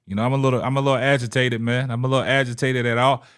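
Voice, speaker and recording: A young man hosting a casual sports podcast livestream, talking loosely, shouting out viewers and tagging "man" onto nearly every phrase. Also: medium pitch, little pitch movement, rapid-fire, clear, resonant tone. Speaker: podcast host.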